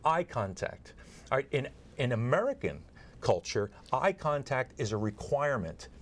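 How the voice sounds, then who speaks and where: A medium-pitched man speaks at normal speed, very animated, as an expert guest in an interview on nurse communication training. He explains earnestly through examples and often repeats words when restarting.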